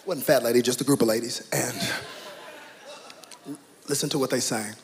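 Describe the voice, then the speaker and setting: A man preaching a sermon, dramatic, swinging from hushed to shouting. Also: medium pitch, steady tone, moderate pace, gravelly, a faint crowd. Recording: reverberant hall with faint ambience.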